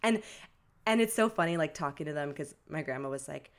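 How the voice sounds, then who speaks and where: A young woman co-hosts a podcast in her lower register. She talks in a loose, chatty way, full of "like" fillers, and mimics her relatives' lines as she tells a story. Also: expressive, a little fast. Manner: chatty storytelling, many "like" fillers, acts out family quotes. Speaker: podcast co-host. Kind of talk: casual podcast chat.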